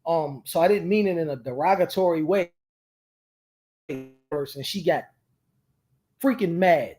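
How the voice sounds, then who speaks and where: Man, co-host, slightly high voice, casual chat, animated, colloquial, many restarts. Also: a little slow.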